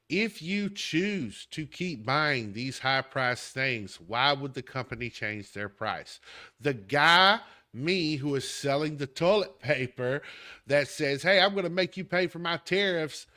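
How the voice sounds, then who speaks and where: A man's voice: medium pitch, lively intonation, slow, pushed and bright. A man with a Southern accent hosting a podcast, delivering an emphatic, heated political commentary rant straight at the listener. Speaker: podcast host.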